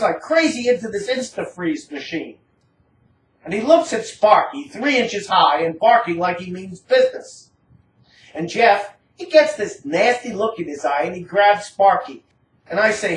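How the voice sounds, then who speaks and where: A woman giving a dramatic first-person story reading in a rambling, casual, slangy manner. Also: medium pitch. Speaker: narrator. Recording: roomy, distant from the mic.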